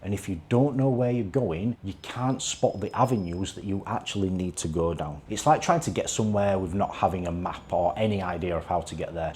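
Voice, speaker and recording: A man's voice: lowish voice, a little mellow, slight background noise. A man speaking as a fitness and life coach in a motivational vlog, earnest and repetitive in his urging. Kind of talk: motivational talking-to-camera vlog.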